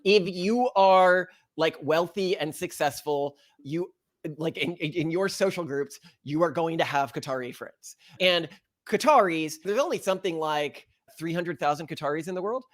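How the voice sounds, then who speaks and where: An American man in his thirties co-hosting a podcast, talking in a casual, opinionated, animated way and often quoting imagined listeners. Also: a little high, moderate pace, dry recording, studio quality. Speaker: podcast co-host.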